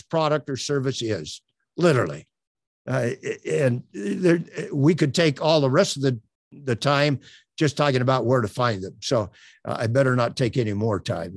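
An older man coaching on elevator pitches in an online presentation, earnest and promotional, with many uhs. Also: darkish tone, no room sound. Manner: filler-heavy, earnest, promotional. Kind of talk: webinar presentation. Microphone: webcam on a tripod.

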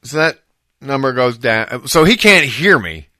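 A middle-aged man co-hosting a podcast, telling a story in casual chat with lots of restarts and bursts of excitement. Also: medium pitch, measured pace, no room sound, clean studio sound. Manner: rambling, restarts, animated when excited. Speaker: podcast co-host.

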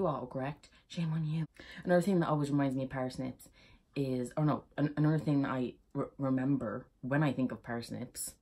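A young woman with an Irish accent talks through her vlog in a low, husky voice, easily set off into giggles. Her tone is dark and mellow, and she chats in a loose, rambling way. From Ireland. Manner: giggly and chatty, prone to laughing fits. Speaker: YouTuber. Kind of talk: casual vlog chat.

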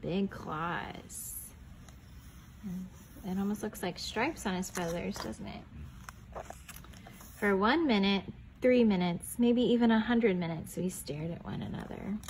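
A woman's voice: medium pitch, a little hiss or hum, rough recording. Woman reading a picture book aloud. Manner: gentle storytelling that pauses to ask the children questions; drops to a soft whisper on quiet lines. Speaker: children's librarian reading aloud.

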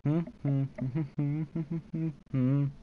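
A man's voice: fairly high pitch, steady tone, very slow, phone-quality sound, a little hiss or hum. A man streaming live, casually chatting and joking as he reads chat aloud. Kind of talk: casual livestream chat while trading.

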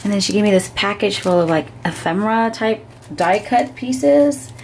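A woman hosting her crafting channel, chatting casually as she opens packages and gushes with excitement. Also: mid-range voice, normal speed, gravelly, a little hiss or hum. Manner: gushing, gasping with excitement. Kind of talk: casual unboxing vlog.

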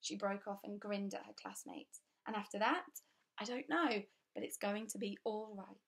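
A woman reading a children's story aloud with clear, steady, expressive storytelling. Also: mid-range voice, normal speed. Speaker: audiobook reader.

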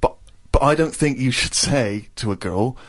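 A man's voice: medium pitch, animated, normal speed, fairly bright tone. A man in his thirties, co-hosting a radio podcast and telling a comic anecdote, acting out other people's lines. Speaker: co-host.

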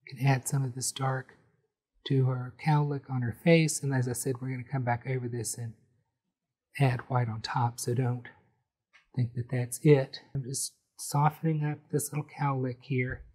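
A man calmly talking through a step-by-step painting tutorial, explaining each brushstroke as he goes. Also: mid-range voice. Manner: friendly, unhurried, explains each brushstroke as he works. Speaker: painting instructor.

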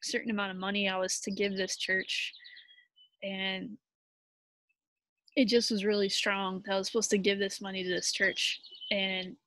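A young woman telling a personal story in a halting, heartfelt way, full of fillers and restarts, sounding tired. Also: mid-range voice, little pitch movement, a bit bright, no room sound. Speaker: vlogger.

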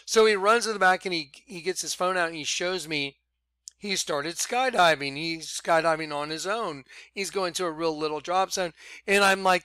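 A man tells his viewers a story in an animated, casual way, often slipping into "I'm like" as he retells it. His voice sits high and sounds dry, with little room around it. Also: normal speed, clean tone, no echo. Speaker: vlogger.

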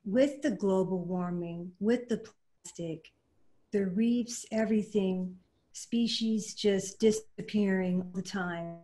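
Slow, emotional woman quilt artist. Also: medium pitch, warm tone. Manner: emotional, halting, earnest. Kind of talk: panel discussion. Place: home, video call.

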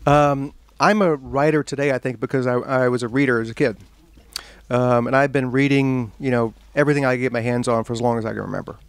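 A man speaks at a bookstore event, telling a funny story to a gathered audience with lively, animated delivery. His voice sits at an ordinary middle pitch. The mic sound is dry and close, with little room echo. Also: a little fast, smooth. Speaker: author at a bookstore talk.

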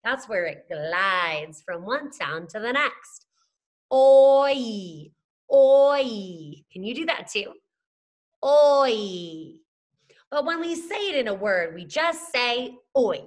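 A woman's voice: mid-range voice, bright, forceful tone. A woman teacher leading a phonics lesson for young children, chanting letters and sounds and praising the class. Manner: sing-song chanting of letters and sounds, encouraging.

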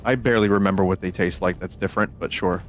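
A man's voice: deep voice, steady tone, fast, a little hiss or hum. A man streaming a game, chatting casually in a rambling, self-correcting way with dry jokes. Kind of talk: casual chat while playing a game.

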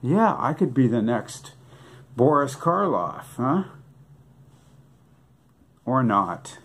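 A man's voice: medium pitch, big pitch swings, extremely slow, fairly bright tone, slightly rough. An older man doing a joking comic monologue, asking rhetorical questions and answering them himself in a wry way. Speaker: comic songwriter.

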